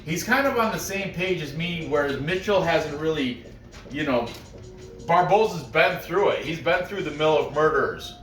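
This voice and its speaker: A man with a somewhat high voice talks casually, wandering off topic and laughing at his own jokes. He sits a little away from the mic in a roomy, echoing space, with faint music underneath. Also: lively intonation, moderate pace, a bit bright, far from the mic. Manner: rambling, joking, laughs often. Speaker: podcast host comparing fight picks. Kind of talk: casual chat.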